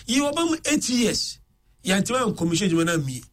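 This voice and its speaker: A man hosting political talk radio, switching between English and Twi with excitable commentary. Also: sits high, fast talker.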